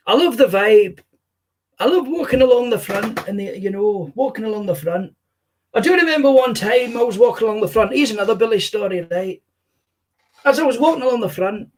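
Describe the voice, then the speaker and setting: A man's voice: sits high, voice pushed up. A man doing an impression of a famous older Scottish comedian, telling rambling, sweary anecdotes in a Scottish accent. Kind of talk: stand-up impression, storytelling.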